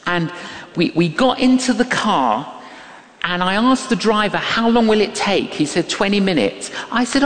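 An older man preaches with a high, swooping voice. He takes his time, leaning into each phrase and acting out the people in his stories. His words ring out with the long reverb of a large hall. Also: unhurried. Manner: animated, emphatic, acts out quoted voices. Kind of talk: sermon with storytelling.

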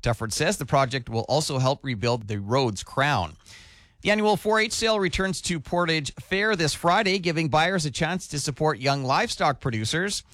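A male radio news anchor reading a scripted local newscast in a steady, measured delivery. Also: a little high, no room sound, studio quality.

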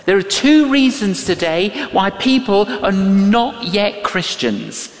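An older male preacher with a high, lively voice tells his story slowly and deliberately. He leans on key phrases and repeats them for effect. His voice rolls around a large, reverberant hall. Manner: emphatic, repeats key phrases, acts out quotes. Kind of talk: sermon with storytelling. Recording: echoey hall with long reverb.

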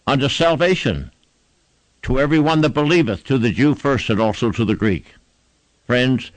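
Man, preacher, sermon, emphatic repetition, animated pitch, dry close sound. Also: no echo. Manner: emphatic, rhythmic repetition, old-fashioned preaching cadence.

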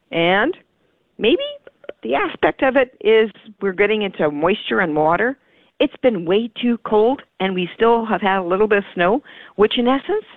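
A woman's voice: mid-range voice, dry recording. A woman hosting a radio gardening show, talking in a rambling, heartfelt, conversational way. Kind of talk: casual radio talk. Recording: narrow phone-like radio sound, dry.

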